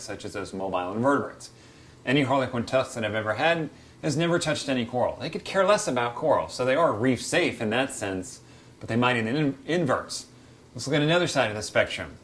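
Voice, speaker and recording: A man hosting a casual aquarium Q&A from beside his reef tank, chatty and quick to act out little quoted voices. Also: medium pitch, fairly bright tone, slight background noise. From United States. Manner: chatty, acts out quotes of fish and hobbyists. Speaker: aquarium hobby show host. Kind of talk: casual Q&A explainer.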